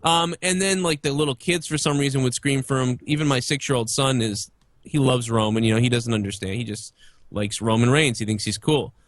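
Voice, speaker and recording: A man's voice: mid-range voice, fairly quick, dry recording. A man in his thirties talking casually and opinionatedly about wrestling, rambling and swearing freely. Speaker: podcast guest.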